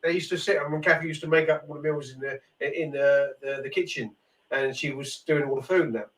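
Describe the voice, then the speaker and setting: A man's voice: fairly high pitch, fairly even intonation, brisk, fairly bright tone. A man telling rambling, swear-filled stories in casual chat. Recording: echoey room, mic far off.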